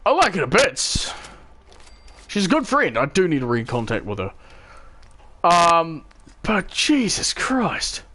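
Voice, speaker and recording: A man's voice: on the high side, huge pitch swings, slow, pauses often, bright, forceful tone. A young man, casually telling a rambling story with swearing and acted-out quotes. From New Zealand. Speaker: channel host. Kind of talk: casual storytelling while gaming.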